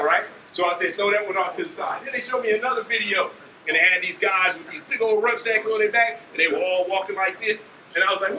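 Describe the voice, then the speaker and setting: A man in his forties from Ohio, an army leader telling students animated stories and often asking "right?". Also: sits high, quick pace. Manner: animated, acts out scenes, keeps asking "right?". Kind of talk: motivational storytelling speech. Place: school auditorium. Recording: echoey hall from far off, faint noise.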